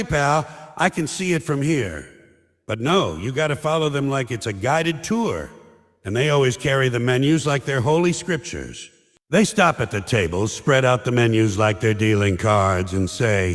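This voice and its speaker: A male stand-up comic delivers an exasperated, sarcastic rant, his pitch leaping high and diving low from line to line. He mocks others by slipping into short put-on quotes. The voice rings out with a long reverb tail, as in a large hall. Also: very animated, moderate pace. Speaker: comedian. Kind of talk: stand-up comedy monologue.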